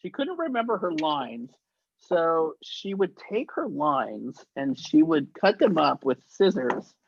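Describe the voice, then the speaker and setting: Animated, profane man telling stories. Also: fairly high pitch, slow, creaky, highs cut off. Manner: animated, profane, laughing through his stories. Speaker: guest, actor and effects artist. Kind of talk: casual anecdotal storytelling.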